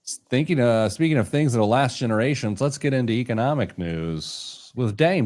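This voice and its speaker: A man's voice: medium pitch, animated, moderate pace, a little mellow. A man hosting a casual podcast, joking at his own expense and tripping over his words. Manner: jokey, self-deprecating, stumbles over words. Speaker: show host.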